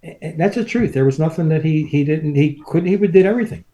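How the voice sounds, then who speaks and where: A man's voice: fairly high pitch, fast talker, mellow. A man in his seventies, a podcast guest, telling rambling family stories in casual chat and chuckling through them. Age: 70s.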